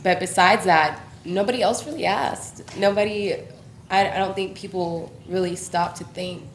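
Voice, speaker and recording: A woman's voice: medium pitch, normal speed, a little hiss or hum. A young woman speaking as an interview guest, open and reflective, with easy laughs and plenty of fillers. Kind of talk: candid personal conversation. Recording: roomy echo.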